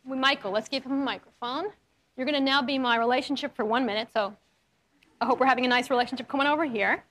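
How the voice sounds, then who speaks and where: A woman hosting a studio talk show, coaching her audience in a lively, playful way with acted examples. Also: high voice, quick pace. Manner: animated, coaching, playful role-play demos.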